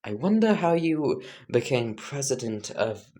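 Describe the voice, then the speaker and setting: A woman's voice: rumbling low, sing-song, unhurried, mellow, exaggerated voice. A woman voicing an exasperated male hero teacher who rants in disbelief. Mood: dry. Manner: incredulous, ranting.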